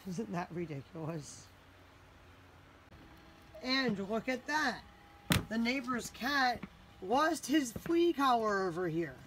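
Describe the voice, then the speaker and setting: A woman's voice: a little high, big pitch swings, slow, pauses often, noisy background. Exasperated chatty woman vlogging outdoors. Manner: chatty, frequent "like" fillers; exasperated retelling of a grievance. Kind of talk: casual vlog narration. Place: outdoors by a house.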